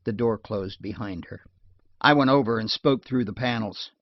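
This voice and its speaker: A man narrating a detective novel audiobook in a measured, wry storytelling manner. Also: lowish voice, dry recording. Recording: dull lo-fi dry recording.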